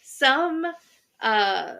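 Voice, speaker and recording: This young podcast co-host has a high, expressive voice with vocal fry, a sharp tone, and drawn-out words. She tells a history story in casual chat, laughing readily and using plenty of fillers and restarts.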